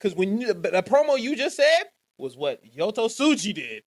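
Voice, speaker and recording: Animated, swearing woman podcast co-host. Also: medium pitch, moderate pace. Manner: animated, blunt, swears a lot. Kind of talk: casual chat.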